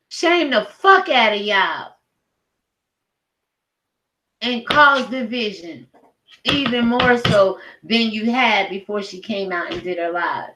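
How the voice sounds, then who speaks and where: A woman's voice: medium pitch, lively intonation, unhurried, sharp tone. A middle-aged woman ranting at home in a blunt, profane, heated commentary video. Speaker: commentary vlogger. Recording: roomy echo.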